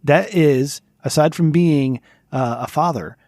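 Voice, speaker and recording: A man's voice: fairly high pitch, unhurried, a little mellow, no room sound, clean studio sound. A man co-hosting a casual podcast, lecturing his co-host in a mock-stern tone and repeating his name as he hands out advice.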